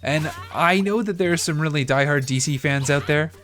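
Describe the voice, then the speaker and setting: A man's voice: on the high side, normal speed, fairly bright tone. A man from Canada chatting casually while he plays a video game, rambling with lots of fillers. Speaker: streamer playing a game. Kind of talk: casual gameplay commentary.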